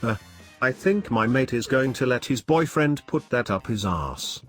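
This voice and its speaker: A man's voice: mid-range voice, lively intonation, measured pace, fairly bright tone, soft background music. A man voicing a flustered young male wizard in a storybook reading, talking awkwardly and embarrassed.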